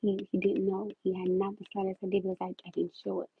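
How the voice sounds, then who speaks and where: Woman, young adult, husky, chatty, animated storyteller, livestream, tinny phone audio. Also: medium pitch, fast talker. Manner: animated, laughs loudly, chatty and heartfelt. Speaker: livestream host.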